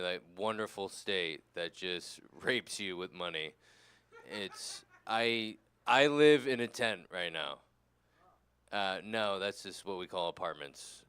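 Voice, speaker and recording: A man's voice: fairly low pitch, a bit bright, smooth, no room sound. A tired, tipsy man from California doing a rambling, crude, self-deprecating stand-up set. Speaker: stand-up comedian.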